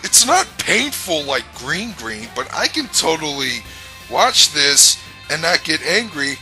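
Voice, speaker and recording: A man's voice: fairly high pitch, big pitch swings, slow, bright, forceful tone, faint music behind, poor audio. A man giving a casual review rant, rambling, blunt and profane, with frequent restarts. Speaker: anime reviewer.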